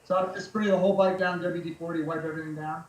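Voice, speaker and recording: Laid-back veteran guest, high male voice, loose and profane, echoey room. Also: fairly even intonation, rapid-fire, dull audio. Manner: laid-back, swears freely, many fillers. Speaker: podcast guest, military veteran. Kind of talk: casual storytelling chat.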